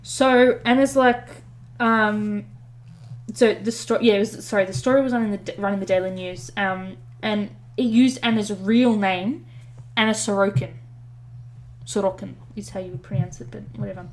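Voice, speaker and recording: A woman's voice: mid-range voice, normal speed. A woman co-hosting a podcast, retelling a story in casual chat with many fillers and self-corrections. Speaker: podcast co-host.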